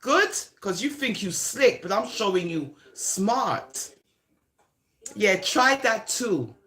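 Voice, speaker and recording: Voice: medium pitch, animated, a bit bright. A speaker from Jamaica, delivering a teasing, taunting comic monologue and drawing words out. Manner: teasing, sing-song, drawn-out words.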